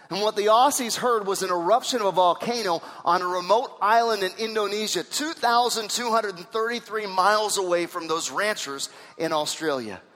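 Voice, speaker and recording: A man preaching a sermon, swinging from hushed tones to shouts. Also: high-pitched. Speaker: pastor. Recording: long reverb of a hall.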